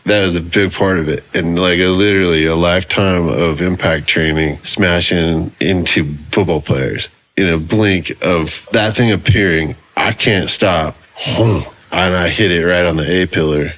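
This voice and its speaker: A man with a very low voice speaks as a podcast guest in casual chat. He is a former pro football player who tells vivid stories in a relaxed way. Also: unhurried, few pauses.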